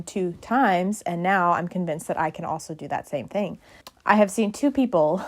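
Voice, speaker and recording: A young woman talks through her day in a relaxed vlog narration, her voice sitting a little low for a woman. She rambles in a chatty way and pokes fun at herself as she goes. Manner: chatty, rambling, self-deprecating. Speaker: vlogger.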